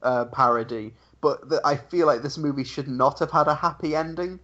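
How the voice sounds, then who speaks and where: A man's voice: mid-range voice, moderate pace, fairly bright tone. Hesitant man on a lo-fi podcast mic. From United Kingdom. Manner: rambling, hesitant with many ums. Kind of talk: casual podcast chat. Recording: dull lo-fi audio.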